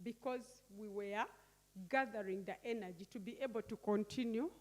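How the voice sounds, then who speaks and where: Speaking at normal speed in a slightly mellow, medium-pitched voice, a workshop facilitator from Uganda leads a teaching session. She often questions her audience and repeats key words back to them, recorded in an echoey hall.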